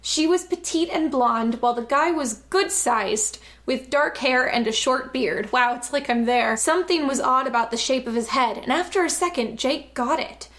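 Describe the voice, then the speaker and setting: A woman's voice: high-pitched, normal speed, few pauses, fairly bright tone. A woman reading a novel aloud and breaking in with sarcastic, amused comments.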